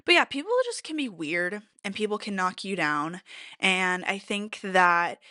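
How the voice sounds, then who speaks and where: A young woman with a bright, sharp tone chats through a story for her podcast. She fills her talk with "like" and jumps high in pitch whenever she quotes someone. The sound is dry and close. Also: dry recording. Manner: chatty, leans on fillers and "like". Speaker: podcast host. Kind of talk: casual storytelling chat.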